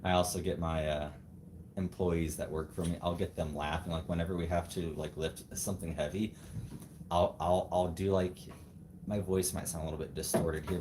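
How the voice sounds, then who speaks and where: Deep-voiced teasing man on a livestream. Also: warm tone, echoey room. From United States. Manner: teasing, coaching step by step. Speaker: husband and co-host. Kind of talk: casual livestream chat. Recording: noisy home livestream.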